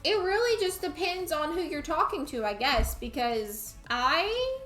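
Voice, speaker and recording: A young woman from Tennessee with a Southern accent streams a game, chatting casually with viewers and the game's characters. She sounds high-pitched and a bit bright, with big pitch swings at a measured pace, and the audio carries roomy echo and faint music.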